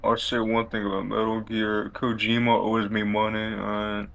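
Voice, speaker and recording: A man bantering crudely and grumbling on a game stream in a low, gruff voice. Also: monotone, moderate pace, a bit bright, muffled recording. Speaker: co-player on a stream.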